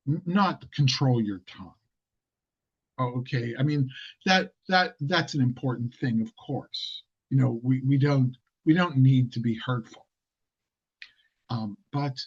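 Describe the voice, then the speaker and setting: A man's voice: mid-range voice, husky, highs cut off. A man giving an informal, conversational sermon, often correcting himself mid-sentence and laughing at his own asides. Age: older. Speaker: preacher.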